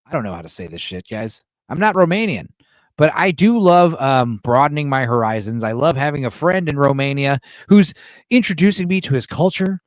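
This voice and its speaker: A man's voice: a little high, normal speed, no echo, clean studio sound. An American man hosting a casual livestream chat, rambling and swearing freely as he answers viewers. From United States. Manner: profane, rambling, animated; reads and answers chat messages. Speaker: podcast host.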